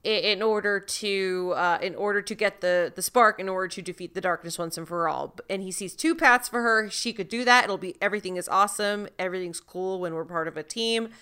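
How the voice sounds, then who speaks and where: A woman co-hosts a casual recap podcast, talking through the episode in a chatty, joking way. Her voice is bright and smooth, with a clear, polished tone. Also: mid-range voice, fairly quick, hardly any pauses. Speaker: podcast co-host.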